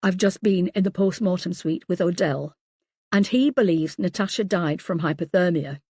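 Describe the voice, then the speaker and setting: A woman narrating a tense male detective in an audiobook, his words hurried and pressing. The sound is close and dry, with no room around it. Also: fairly low pitch, a little mellow, breathy edge, no room sound. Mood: urgent. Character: urgent male detective sergeant.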